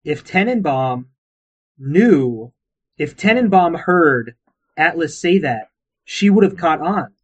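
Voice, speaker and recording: Husky, sarcastic man on a podcast. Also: fairly high pitch, slow. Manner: sarcastic, deadpan jokes. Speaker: podcast co-host or guest. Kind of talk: casual chat.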